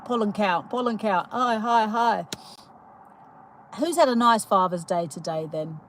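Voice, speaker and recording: A woman's voice: medium pitch, expressive, measured pace, a bit bright, a little hiss or hum, poor audio. A young British woman hosting a casual livestream, chatting and giggling as she welcomes viewers, with lots of fillers and restarts. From United Kingdom. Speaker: livestream host. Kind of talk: casual live chat greeting viewers.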